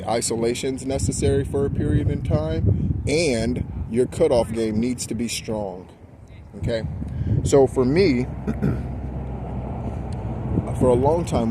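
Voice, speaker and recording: A man giving a rambling, preachy spiritual pep talk outdoors, correcting himself as he goes. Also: medium pitch. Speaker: spiritual guidance host. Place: outdoors near traffic. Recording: loud outdoor traffic noise. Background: street and car noise.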